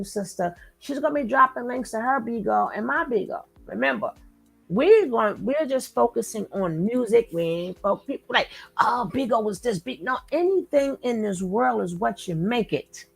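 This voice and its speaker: A woman hosting a live stream, chatting casually and effusively with her viewers and shouting them out by name. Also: fairly high pitch, animated, normal speed, vocal fry, slightly rough, soft background music, poor audio. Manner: effusive, talks straight to chat, shouts out viewers. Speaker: livestream host.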